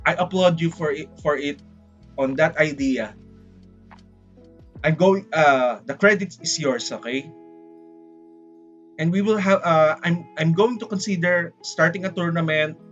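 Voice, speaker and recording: A man with a Filipino accent chatting casually on a livestream, rambling and excitable, often saying "freaking". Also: a little high, unhurried, pauses often, muffled recording, faint music behind. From Philippines. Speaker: VTuber streamer.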